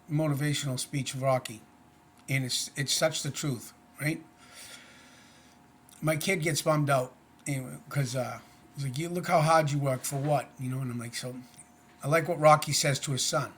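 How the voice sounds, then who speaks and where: Middle-aged man, earnest and plainspoken, a touch high-pitched, rambling vlog talk. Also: fairly even intonation, normal speed, a bit bright. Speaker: vlogger. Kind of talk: casual personal vlog.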